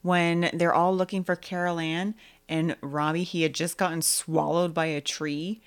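A young woman with a low voice co-hosts a relaxed movie chat. She talks in an animated way and often acts out scenes in squeaky high voices. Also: a little slow, smooth. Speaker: podcast co-host.

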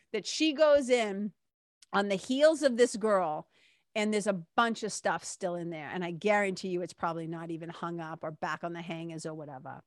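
A woman's voice: medium pitch, fairly bright tone, no room sound, studio quality. Chatty storytelling woman. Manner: chatty, candid, swears, acts out other people's lines. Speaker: vlogger. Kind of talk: casual storytelling monologue.

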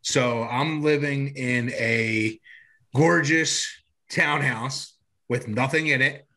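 A man recounting his past in loose, casual conversation. His voice sits at an ordinary middle pitch and stays plain. He wanders through the telling with lots of fillers, restarts and the odd curse. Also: slow pace, bright, forceful tone. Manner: rambling, filler-heavy, frequent restarts and swearing. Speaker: guest sharing his recovery story. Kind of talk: casual personal storytelling.

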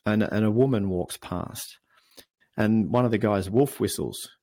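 An Australian man speaking as a podcast guest, telling stories in an earnest, animated way. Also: fairly low pitch, a little slow. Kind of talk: conversational interview.

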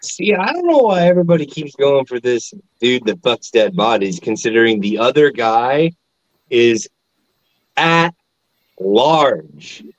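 A man's voice: medium pitch, big pitch swings, unhurried, no echo. A man co-hosting a casual podcast in a laid-back way with dry jokes, on a dull, lo-fi mic. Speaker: podcast co-host. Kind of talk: casual group podcast chat.

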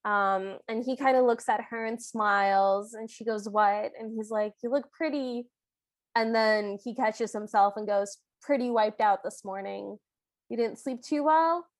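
A woman's voice: fairly high pitch, a little slow, no echo. A woman co-hosting a podcast, retelling movie scenes in a chatty, amused way. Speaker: podcast co-host. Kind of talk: casual movie recap chat.

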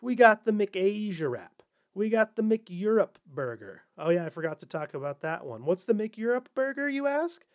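A man's voice: high-pitched, sing-song, moderate pace. A man hosting a comedy podcast, delivering a sarcastic monologue and slipping into mocking corporate voices. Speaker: podcast host.

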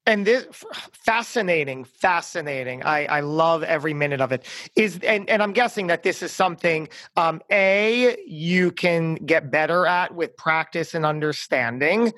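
A man's voice: fairly high pitch, normal speed, fairly bright tone, no room sound. A man hosting a podcast interview, eager and affirming as he asks questions, with a few fillers. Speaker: podcast host.

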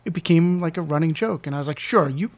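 Animated higher-voiced man telling a story. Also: rapid-fire, dry recording. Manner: animated, acts out quoted voices. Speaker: convention organizer guest. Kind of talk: casual anecdote telling.

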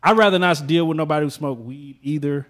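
Brief: male panelist, fast and fairly high, blunt, profane, dismissive. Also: a bit bright. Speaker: podcast panelist. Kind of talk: casual group chat.

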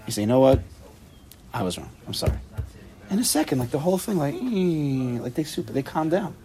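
Lively gravelly man teaching a class. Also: a little high, brisk. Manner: animated, playful, rhetorical questions. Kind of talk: informal group Torah class.

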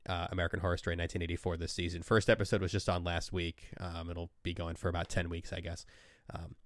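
A man hosting a casual podcast chat, relaxed and loose, with many fillers and restarts. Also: sits low, dry recording, clean studio sound. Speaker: podcast host.

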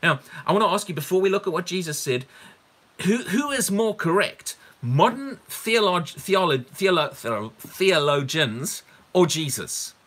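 A man with a high, sing-song, slightly bright voice preaches a teaching sermon on a Bible passage at a measured pace. He's emphatic, repeats words for stress, and poses rhetorical questions to the listeners.

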